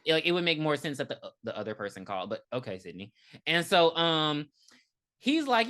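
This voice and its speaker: A woman co-hosting a podcast, retelling a film in casual, profane, lively chat. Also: low-pitched, brisk. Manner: animated, profane, laughing storyteller. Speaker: podcast co-host. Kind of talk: casual movie recap chat.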